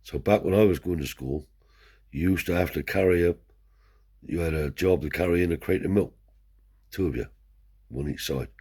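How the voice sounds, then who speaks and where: Here a Romany traveller, an older man, tells meandering stories out loud in thick dialect, swearing and tossing in "see?" as he goes. He sounds low and warm with some breathiness, speaks at a normal speed, and stops frequently.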